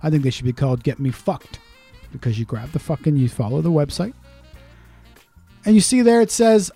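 A man's voice: on the high side, fairly quick, long pauses, dark tone, soft background music. A man co-hosting a podcast, telling a grumpy, profane story while in pain. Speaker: podcast co-host. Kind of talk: casual podcast chat.

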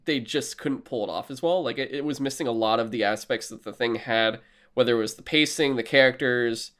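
A man in casual podcast chat, retelling movie plots with animated, profane storytelling and acted-out lines. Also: medium pitch, a little fast.

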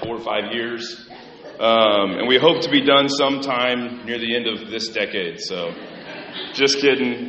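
A man giving an informal sermon as a lay preacher in a church sanctuary, self-deprecating and halting with frequent ums. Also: lowish voice, bright, forceful tone. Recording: echoey hall, muffled sound.

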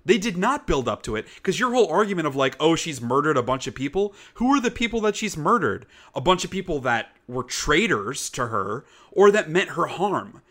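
A man's voice: fairly high pitch, moderate pace, hardly any pauses. A young man co-hosting a podcast, ranting in casual chat with lots of "like" fillers and swearing. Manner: animated, frequent "like" fillers, swearing. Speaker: podcast co-host.

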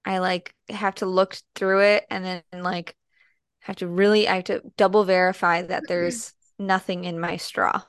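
A Midwestern woman co-hosts a podcast, chatting casually in a squeamish way and filling her speech with fillers. Her fairly low voice stays level and a little slow, with a clean tone captured in a dry, clean studio recording.

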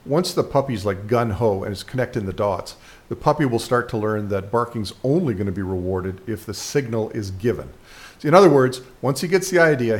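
A man speaking as a dog trainer, giving casual instructional commentary with frequent fillers and restarts. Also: fairly low pitch.

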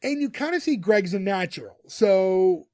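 Man, high voice, animated storyteller, casual podcast chat, dry close sound. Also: moderate pace, dry recording. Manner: animated storytelling, laughing often. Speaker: podcast co-host recapping a TV episode.

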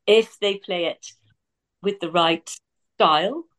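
Frank actress on a chat panel. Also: female voice, fairly low pitch, slow pace, a bit bright, low-quality recording. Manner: frank, talks in restarts. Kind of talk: casual chat.

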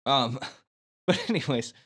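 A man's voice: mid-range voice, slow, pushed and bright, slightly rough. A man hosting a casual movie-review chat, laughing often as he recaps the plot.

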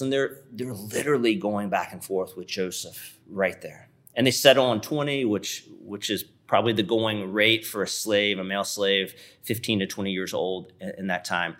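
Male preacher, vivid conversational sermon storyteller, lowish voice. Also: normal speed, fairly bright tone. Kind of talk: sermon retelling a scripture story.

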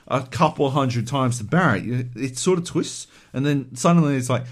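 Fields: Animated, swearing man ranting on a podcast. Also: a little high, moderate pace. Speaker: podcast co-host. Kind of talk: casual chat.

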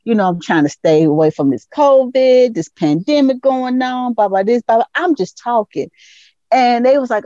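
A woman co-hosting a podcast, telling a story in an animated way with lots of laughter and quoted voices. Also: on the high side, normal speed, no room sound, highs cut off. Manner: animated storytelling, laughs often, lively quoting. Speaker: podcast co-host. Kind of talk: casual chat. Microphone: headset.

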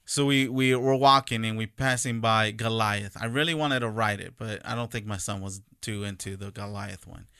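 Casual storyteller, man in his 30s, bright crisp voice, animated, dry close sound. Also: fairly low pitch, moderate pace, hardly any pauses, no echo. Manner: animated storyteller, acts out quotes. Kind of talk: casual chat.

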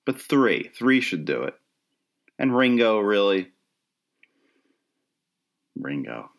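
A man's voice: fairly low pitch, lively intonation, measured pace. A middle-aged man hosting his own podcast, delivering a rambling comedic monologue full of self-deprecating, wry asides. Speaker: podcast host.

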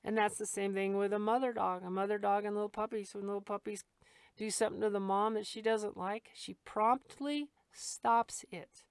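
A woman's voice: medium pitch, little pitch movement, fast, a little mellow, smooth, no room sound. A middle-aged woman, a dog trainer, talking frankly and casually, laughing easily as she explains her methods.

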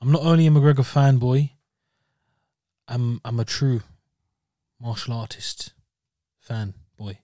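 A young man arguing fight picks on a podcast, emphatic and given to repeating himself. His pitch is mid-range, and the recording is dry and close-miked. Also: slow pace, long pauses, mellow, no echo. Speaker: podcast co-host. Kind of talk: casual sports chat.

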